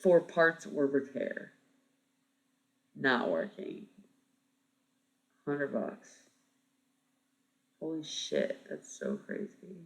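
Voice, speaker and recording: This is a streamer around thirty, chatting casually and thinking aloud. The voice has a gravelly, fry-edged texture and swings widely in pitch. The talk is loose and peppered with curse words. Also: huge pitch swings, extremely slow, pauses often. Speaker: live streamer. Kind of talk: casual chat with stream viewers.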